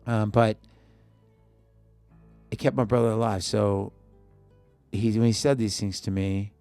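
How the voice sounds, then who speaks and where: A man with a very deep, gravelly voice tells a personal story as a guest in a podcast studio. He talks in short bursts, acting out the lines of the people in his story, and his rough low tone sits close to a studio mic. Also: fairly even intonation, a little slow, dark tone, no echo, faint music behind. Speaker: musician guest. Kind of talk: emotional personal storytelling in an interview.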